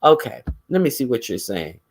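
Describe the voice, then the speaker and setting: A man giving casual gossip commentary in a profane, sarcastic, animated way. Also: medium pitch, normal speed. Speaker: vlogger.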